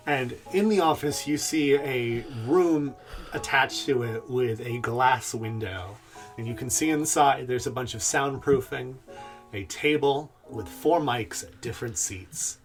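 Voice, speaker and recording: A man narrating a tabletop game as game master, relaxed with many fillers, over faint music. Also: mid-range voice, measured pace.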